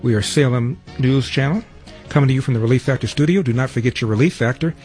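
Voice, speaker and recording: A man's voice: mid-range voice, quick pace, darkish tone, soft background music. A man hosting a talk radio show, delivering a brash, punchy studio monologue.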